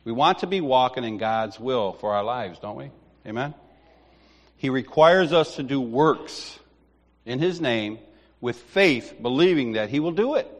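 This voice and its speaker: A lay preacher with a mid-range voice and lively intonation speaks a little slowly. His sermon recounts a personal story, complete with acted-out dialogue, and he laughs at himself along the way. Long hall reverb fills the church sanctuary.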